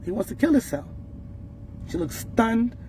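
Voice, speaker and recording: Upset mom talking straight to camera, urgent and shaken, getting angry. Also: female voice, a little high, big pitch swings, unhurried, mellow, a little hiss or hum. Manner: distressed and urgent, voice rising in anger. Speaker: mother. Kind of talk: emotional direct-to-camera appeal.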